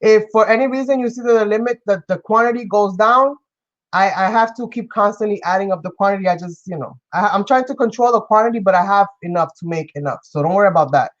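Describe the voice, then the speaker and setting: Speaking fast in a mid-range voice through dull-sounding audio, a woman from New York hosts a craft stream. Her chat is casual and effusive, and she welcomes and thanks viewers by name as she crafts.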